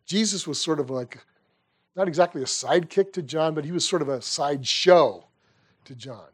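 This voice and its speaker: A man with a slightly high voice teaches a conversational Bible lesson. He retells stories with lively rhetorical questions and casual asides, restarting phrases as he goes. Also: moderate pace, breathy edge. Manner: animated storytelling with rhetorical questions.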